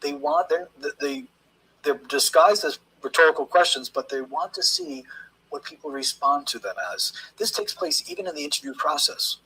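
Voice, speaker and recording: A man with a very husky, breathy voice and a forceful edge explains interview language point by point. He speaks as a statement analyst in a measured, emphatic teaching manner. His pitch sits a little higher than most men's. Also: big pitch swings, rough recording.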